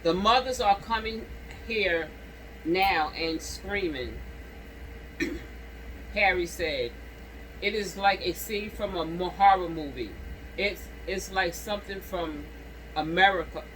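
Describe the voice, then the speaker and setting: A man hosting a channel, reading a news story aloud haltingly with stumbles and restarts, breaking off for casual comments to viewers while coughing and clearing his throat. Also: high-pitched, fairly bright tone, a little hiss or hum, low-quality recording.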